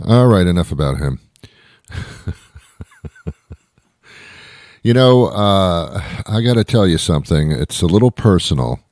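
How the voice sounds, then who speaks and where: A very deep-voiced man rambles through a sardonic comic monologue, addressing a listener who isn't there. The sound is dry and close, with no room around it. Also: very animated, unhurried, pauses often, a little mellow, dry recording. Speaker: radio comedy host.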